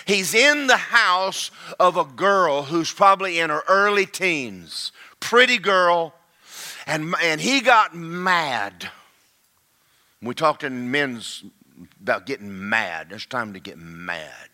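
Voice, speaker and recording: A male pastor preaching a sermon, folksy and fervent, swinging from quiet asides to shouting. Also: fairly high pitch.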